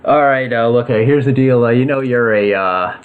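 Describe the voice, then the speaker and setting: A man voicing a businesslike agency director who talks haltingly with many fillers. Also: medium pitch, clean tone, narrow, tinny audio, natural voice. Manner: hesitant, full of fillers. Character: businesslike middle-aged male agency director.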